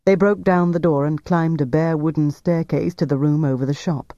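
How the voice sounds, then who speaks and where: Man reading a novel, mellow dark voice, dry dull lo-fi sound. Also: a little high, fairly even intonation, normal speed, dry recording. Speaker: audiobook narrator. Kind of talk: scripted novel narration.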